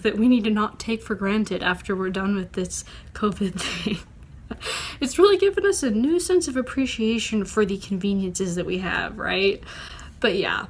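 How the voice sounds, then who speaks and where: A woman's voice: mid-range voice, moderate pace. A young woman, chatting casually in a writing vlog, rambling with lots of fillers. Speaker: vlogger.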